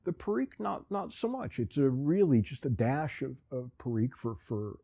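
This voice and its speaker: A man with a mellow, darker voice and a husky edge, spinning a casual, rambling yarn as a podcast host. His delivery is wry and self-deprecating, full of dry asides. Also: medium pitch, sing-song, moderate pace. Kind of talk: casual storytelling monologue.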